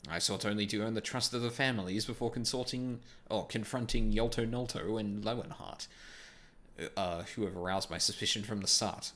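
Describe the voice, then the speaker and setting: A man doing a vain young gentleman inspector from a game, theatrical and flowery. The voice sits low but bright. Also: steady tone, brisk, lightly acted. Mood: smug. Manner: grandiose, theatrical.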